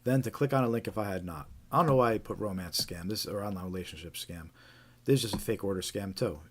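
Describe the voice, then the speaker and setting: A man's voice: on the low side, fast talker. A man hosting a live stream, casually reading out reports with frequent fillers and restarts. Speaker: host.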